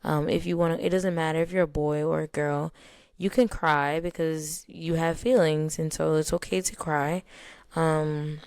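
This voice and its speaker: A young woman talks candidly to her podcast listeners in a loose, chatty way full of fillers. Her voice sits low with a gravelly fry. The recording is dry and close, with no room sound. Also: fairly even intonation, normal speed, a little mellow, no echo. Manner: candid, chatty, many fillers, laughs often. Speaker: podcast host. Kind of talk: casual personal talk to listeners.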